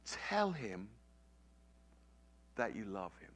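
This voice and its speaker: A preacher voicing God the Father as a calm, gentle, soft-spoken male voice in a sermon story. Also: on the low side, extremely slow, voice pushed down, heavily acted. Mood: gentle insistence.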